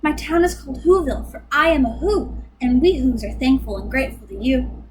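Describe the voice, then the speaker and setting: A woman's voice: high voice, a little fast, slight background noise, natural voice, rough recording. A woman voicing a tiny, grateful male mayor who speaks in a polite, eager way.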